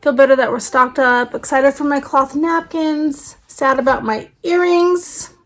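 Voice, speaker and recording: A woman's voice: high voice, fairly even intonation, a little slow. A woman in her thirties, a family vlogger, chatting casually and rambling with fillers, tired and her voice fading. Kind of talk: casual vlog chat.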